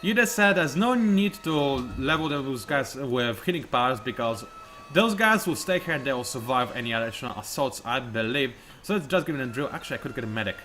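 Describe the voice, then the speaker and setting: Brief: male game commentator, lively and bright, sarcastic and rambling. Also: mid-range voice, fairly quick, soft background music. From Poland. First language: Polish. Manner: rambling, wry and sarcastic, with frequent "whatever". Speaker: let's play commentator. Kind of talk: casual gameplay commentary.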